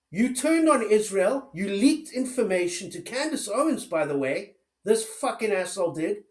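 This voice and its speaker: Man, angry political rant, nonstop swearing, sarcastic questions, echoey room. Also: high-pitched. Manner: furious, heavy swearing. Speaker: political commentator. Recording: roomy echo.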